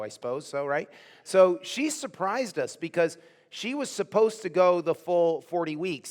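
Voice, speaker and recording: High-voiced man telling a sermon story. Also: in a large hall. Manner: animated storytelling, acting out quoted voices. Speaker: pastor. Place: church sanctuary.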